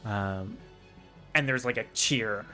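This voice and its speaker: Male tabletop game master, bright voice, loose rambling delivery. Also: fairly low pitch, takes it slowly, soft background music. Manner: rambling, many ums, laughs often.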